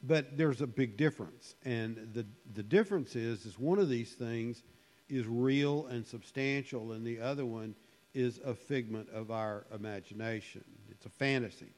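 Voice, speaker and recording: A man preaching a conversational sermon in a church hall, musing and unhurried, with frequent fillers. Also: medium pitch, darkish tone. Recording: long hall reverb.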